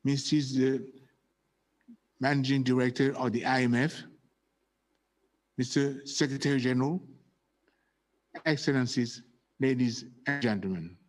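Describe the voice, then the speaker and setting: A man delivers a solemn, deliberate formal address in a mid-pitched voice. He opens with ceremonial greetings and moves at a steady, unhurried pace. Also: slight background noise. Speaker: head of state giving a speech. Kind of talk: formal prepared speech.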